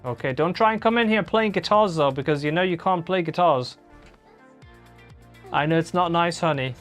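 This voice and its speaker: A woman's voice: lowish voice, moderate pace, faint music behind. A woman live-streaming from a home room, chatting casually and reading viewer comments aloud as she answers them.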